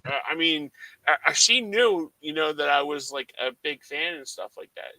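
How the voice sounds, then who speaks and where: A man's voice: a little high, normal speed, dry recording, rough recording. A man from South Jersey telling a long story in casual chat, acting out his mother's lines as a co-host. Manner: animated storyteller who acts out his mom's lines. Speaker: watch party co-host.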